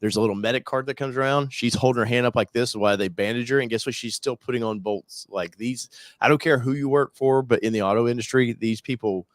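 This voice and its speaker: A man hosting a live talk show, chatting casually in a rambling, excitable way with frequent restarts. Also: mid-range voice, fast talker, few pauses, no room sound. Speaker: show host. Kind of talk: casual chat.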